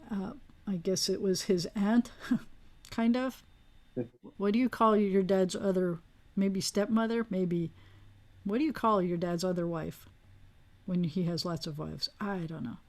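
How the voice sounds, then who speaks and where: A woman rabbi teaching an online Hebrew class in a relaxed, digressive way, with plenty of fillers, speaking into a video call mic. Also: mid-range voice. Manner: chatty, digressive, with frequent fillers.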